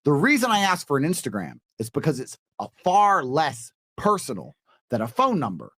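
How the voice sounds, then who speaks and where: A man on a podcast explaining dating advice to a panel, emphatic and coaching, dropping into a calm low voice to act out his lines, recorded on a studio mic. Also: normal speed, slightly rough. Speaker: podcast guest. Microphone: studio microphone.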